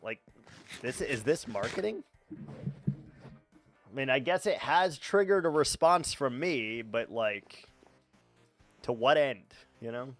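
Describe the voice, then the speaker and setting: A man's voice: medium pitch, lively intonation, takes it slowly, long pauses, a bit bright. A man chatting casually while streaming a game, rambling, swearing freely and talking to his chat. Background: faint background music.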